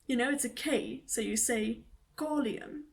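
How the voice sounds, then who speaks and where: A young South African woman with an Afrikaans accent chats straight to camera in a casual vlog. Her voice sits a little high for a woman. She talks in an animated, emphatic way and slips into mock outrage. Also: measured pace. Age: young adult. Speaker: vet student vlogger.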